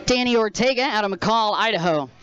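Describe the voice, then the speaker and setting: A woman's voice: medium pitch, fairly quick, crowd noise. A woman doing upbeat, playful trackside reporting and co-commentary for a live race at an outdoor track. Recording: dull lo-fi livestream audio.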